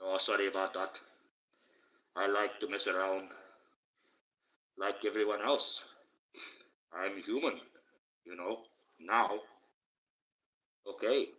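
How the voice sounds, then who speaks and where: A man talks slowly through a face mask on his live stream, his lowish voice muffled. He drags out every phrase in a deliberate, unhurried way. The audio comes through a cheap, dull-sounding phone microphone. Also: steady tone. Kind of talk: casual live-stream talk with motivational sayings. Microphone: cheap phone with the microphone low down.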